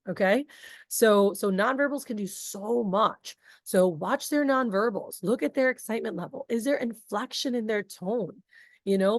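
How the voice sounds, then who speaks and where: A woman leading a sales training session in an animated, chatty, casual way. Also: mid-range voice, no room sound, clean studio sound. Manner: animated, talkative, casual asides. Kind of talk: energetic group training talk.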